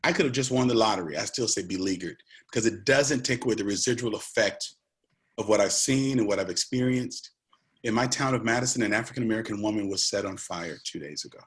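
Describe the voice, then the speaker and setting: Earnest lowish-voiced man presenting online. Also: fast, a bit bright. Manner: earnest, conversational, emphatic.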